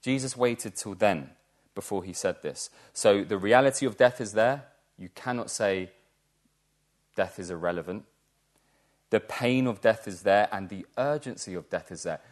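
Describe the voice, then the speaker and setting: A man's voice: lowish voice, normal speed. A man preaching a sermon in a church, earnest and emphatic, repeating key words for stress.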